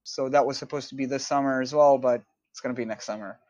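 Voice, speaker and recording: A man's voice: medium pitch, fairly even intonation, quick pace, a little mellow, dry recording. Israeli-born man explaining, dull remote audio. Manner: thoughtful, explains with many fillers and restarts. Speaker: composer, guest. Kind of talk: casual interview talk.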